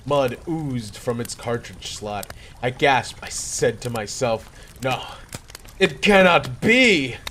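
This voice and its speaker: A man's voice: medium pitch, fairly bright tone, a little hiss or hum. A man reading a horror story aloud in a playful, mock-dramatic way. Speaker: creepypasta reader.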